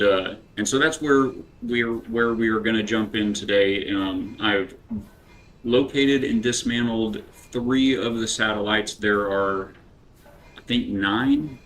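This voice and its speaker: A man hosting a game livestream, talking in an earnest, unhurried, casual way. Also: on the low side, fairly bright tone, poor audio. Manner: earnest, unhurried talk with a devotional bent. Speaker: game streamer.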